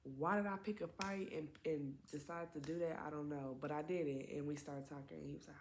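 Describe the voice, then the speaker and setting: A young woman with a low voice tells a story on her vlog. Her talk is slangy and full of swearing, with chatty side comments. Faint noise sits behind her. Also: fairly even intonation, a little fast, gravelly, darkish tone. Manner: slangy, profane, chatty asides. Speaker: vlogger. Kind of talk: casual storytime.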